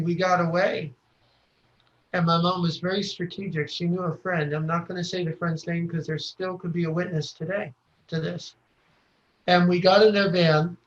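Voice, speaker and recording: A man from the United States recounts his own story at a very slow, halting pace, pausing and restarting often. His voice sits fairly high. The recording is dull and lo-fi. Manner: halting, with frequent pauses and restarts. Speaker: podcast guest. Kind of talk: personal storytelling.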